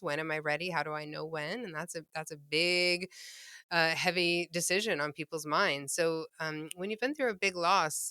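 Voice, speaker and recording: A woman pet loss grief counselor, speaking gently and earnestly in a podcast interview. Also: lowish voice, clean tone, dry recording, studio quality.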